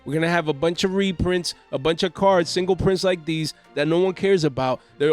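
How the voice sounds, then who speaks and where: Hype host, man, slangy and excitable, a bit higher voice, faint music bed. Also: moderate pace, few pauses. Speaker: card market channel host. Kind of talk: hyped market commentary. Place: home.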